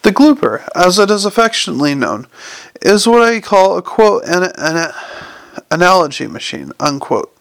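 A man voicing an excitable, long-winded male inventor who lectures eagerly and trips over his words, in an audiobook reading. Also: high voice, normal speed, gravelly, dry recording, full character voice. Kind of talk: audiobook character voice.

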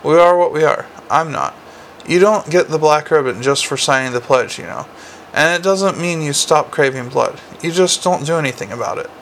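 A man's voice: a little high, moderate pace, a bit bright, a little hiss or hum. A man voicing a prying, coaxing young vampire policewoman in an audiobook. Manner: probing, coaxing.

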